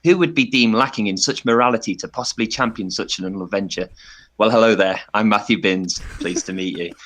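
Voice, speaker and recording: A man on a podcast giving a playful, tongue-in-cheek pitch and laughing often. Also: pushed and bright. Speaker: podcast panelist. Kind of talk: mock campaign pitch.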